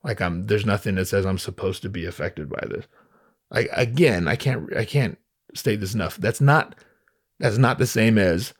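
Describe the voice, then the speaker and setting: A man's voice: lowish voice, moderate pace, husky, no room sound. Rambling, profane man, dry close sound. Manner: rambling, profane, with frequent stammered restarts. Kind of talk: casual solo monologue.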